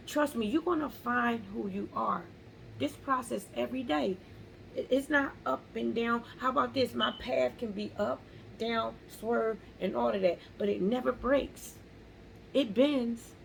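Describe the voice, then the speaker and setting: A woman's voice: on the high side, measured pace, vocal fry, slight background noise, poor audio. A woman vlogger speaking earnestly about faith and pressing on, repeating key phrases for emphasis. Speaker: motivational vlogger. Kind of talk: casual faith-based encouragement.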